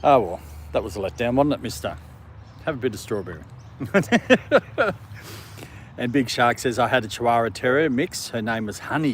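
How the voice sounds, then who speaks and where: A man's voice: lowish voice, slight background noise. A man chatting casually on a live stream, talking to his dog and viewers and laughing often. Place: park outdoors in the evening.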